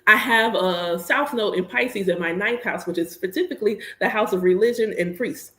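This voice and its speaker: An animated, candid woman in her thirties chats casually while she works, joking as she goes. Her voice sits at a middle pitch for a woman. The room around her is echoey. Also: normal speed. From United States. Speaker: priestess and host. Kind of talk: casual chat while working.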